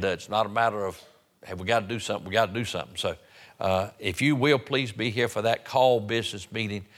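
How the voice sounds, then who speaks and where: A man, a pastor giving announcements and a sermon, reading scripture slowly and emphatically with small folksy restarts. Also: on the low side, a bit bright. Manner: slow, emphatic reading of scripture with rising stress on key words. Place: church sanctuary.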